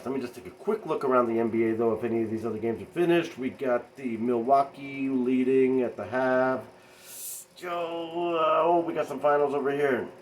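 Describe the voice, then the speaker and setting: A man at a mid pitch gives an offhand basketball recap to his viewers. He rambles and jumps from point to point with animated asides. A faint hum sits under his voice. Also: low-quality recording. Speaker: sports fan vlogger.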